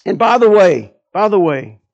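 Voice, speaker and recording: High-voiced pastor preaching conversationally. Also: male voice, very animated, normal speed, vocal fry, a little mellow, dull audio. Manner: conversational preaching with frequent restarts and rhetorical questions. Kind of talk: sermon.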